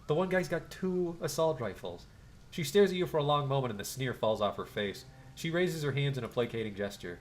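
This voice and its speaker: A man's voice: mid-range voice, lively intonation, brisk, a little hiss or hum. Man, let's play host, reading game text, casual, joking.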